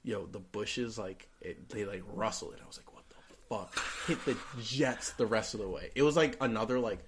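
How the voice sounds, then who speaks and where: A man's voice: on the low side, moderate pace, a little hiss or hum. A young man hosting a podcast, chatting casually and rambling with lots of filler words. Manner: rambling, heavy use of "like". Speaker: podcast host. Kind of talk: casual chat.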